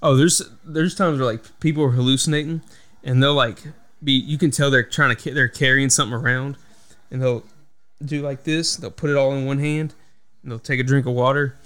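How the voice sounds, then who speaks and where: A man on a podcast telling stories with plenty of swearing. His voice sits at an ordinary middle pitch, and he acts out the lines of the people in his stories with loose, everyday energy. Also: fairly even intonation, a little fast, a bit bright, smooth. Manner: swears freely, tells stories with acted-out quotes. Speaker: podcast host. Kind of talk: casual storytelling chat.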